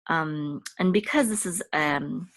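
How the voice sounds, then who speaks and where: A woman's voice: low voice, takes it slowly, fairly bright tone, dry recording. A woman giving a casual Hebrew reading lesson, patiently sounding out syllables and repeating words, with frequent fillers and self-corrections. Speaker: Hebrew teacher.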